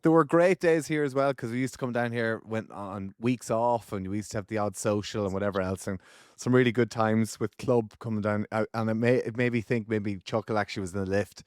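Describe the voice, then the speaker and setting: An Irish man in his forties, a former rugby player co-hosting a podcast, telling animated anecdotes with laughs breaking into his sentences. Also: on the low side, brisk, smooth, no room sound, clean studio sound. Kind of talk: casual podcast chat, storytelling.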